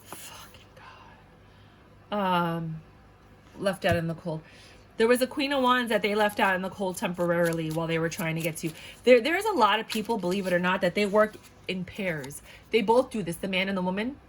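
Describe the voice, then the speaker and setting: Woman doing a tarot reading, blunt, swears a lot, fired up and repeating herself, mid-pitched voice. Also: a little fast, slight background noise. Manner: blunt and outspoken, swears often; emphatic and indignant, repeats points. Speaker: tarot reader. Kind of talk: casual tarot reading for viewers.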